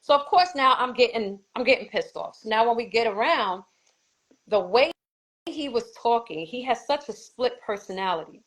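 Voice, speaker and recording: A woman with a New York accent, a guest telling a personal story in an animated way, acting out others' voices and swearing. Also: fairly high pitch, moderate pace, slightly rough, low-quality recording.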